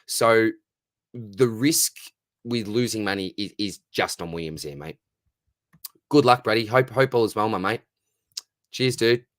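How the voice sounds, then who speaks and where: A man's voice: fairly low pitch, measured pace, long pauses, fairly bright tone, no echo, studio quality. A man with an Australian accent hosting a casual live stream Q&A, reading out chat questions and answering them in a friendly, matey way.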